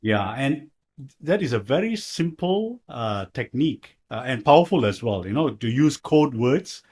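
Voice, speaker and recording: Male podcast host, halting, lots of ums and uhs, interview questions. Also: medium pitch, sing-song, a little mellow. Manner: hesitant, many fillers.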